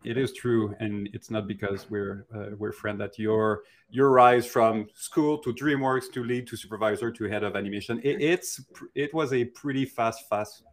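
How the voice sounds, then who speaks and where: Low-ish guy interviewing, long rambling questions, lots of restarts. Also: steady tone, unhurried. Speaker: co-host. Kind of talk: interviewing a guest.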